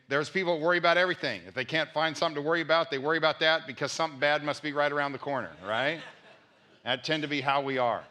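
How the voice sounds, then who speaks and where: A man's voice: a little high, sharp tone. A man, a pastor, preaching a conversational sermon and repeating key points for emphasis.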